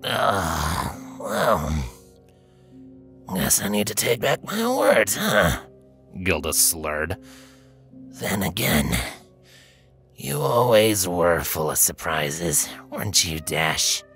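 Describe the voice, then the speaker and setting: A bitter, battered female griffin, put on by a male reader, drawls her jabs slowly and with a slur, her low voice swinging widely as it mocks. The tone is bright and cutting, with faint music underneath. This is storybook voice acting. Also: sing-song, heavily acted. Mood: slurring wry. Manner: sarcastic, jeering, slurred. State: weak, slurring. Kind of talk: fanfiction audiobook voice acting.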